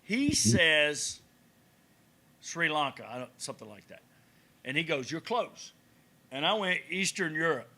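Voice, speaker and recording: A man's voice: a little high, measured pace, pauses often. A man co-hosting a casual podcast in a cigar lounge, telling stories and acting out conversations. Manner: animated storyteller who acts out conversations. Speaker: podcast co-host. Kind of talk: casual banter and storytelling.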